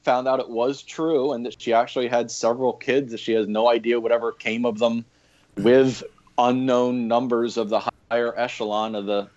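A man's voice: medium pitch, flat delivery, normal speed, darkish tone. A man guesting on a podcast, telling stories in a laid-back, casual way with frequent fillers. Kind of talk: casual interview chat. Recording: dull lo-fi audio.

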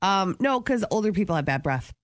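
A woman hosting a casual morning radio show, chatty and quick to react, a little under the weather. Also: medium pitch, big pitch swings, heavy background noise.

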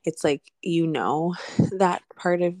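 A woman's voice: fairly low pitch, slow, a little mellow, no room sound, clean studio sound. A woman in her thirties co-hosting a podcast, chatting in a rambling, reflective way with plenty of fillers. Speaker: podcast co-host. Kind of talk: casual chat.

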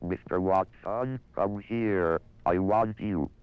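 A slow mechanical male computer voice. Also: low voice, smooth, no echo. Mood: solemn. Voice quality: flat electronic twang. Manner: slow, deliberate, mechanical delivery. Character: early male computer speech synthesizer. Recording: dull lo-fi archival recording.

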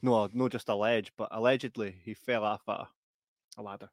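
A man's voice: lowish voice, steady tone, moderate pace. A man co-hosting a casual chat, telling funny stories and breaking into heavy laughter. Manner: laughs heavily while telling anecdotes. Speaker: podcast co-host.

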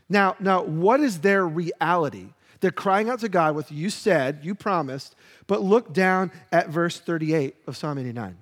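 A man with a high, light voice preaches a sermon in a church sanctuary. He speaks earnestly and lifts into fervent pleas as he reads scripture. His words carry a long hall reverb. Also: lively intonation, normal speed. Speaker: pastor.

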